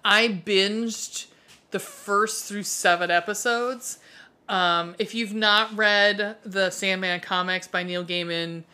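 A woman's voice: mid-range voice, fairly even intonation, slow, sharp tone, clean tone. A woman co-hosting a podcast in casual chat, swearing freely and gushing enthusiastically as she rambles. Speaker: podcast co-host.

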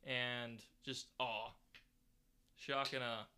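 Very bright-voiced man chatting sports. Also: mid-range voice, level tone, drawn-out words, clean tone. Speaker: podcast co-host. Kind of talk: casual sports chat.

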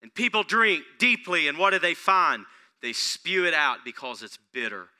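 A male pastor preaching a sermon, throwing rhetorical questions at the congregation and building excitement. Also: a little high, moderate pace.

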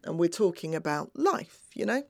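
A woman's voice: lowish voice, very animated, normal speed, vocal fry, a little mellow, dry recording, studio quality. A middle-aged woman telling a personal story earnestly and acting out remembered conversations. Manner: earnest, acts out remembered dialogue. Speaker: speaker.

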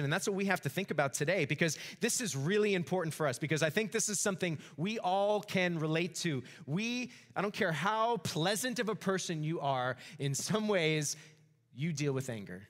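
A man preaching a sermon as pastor, animated, acting out the voices of the story. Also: on the high side, measured pace. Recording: reverberant hall.

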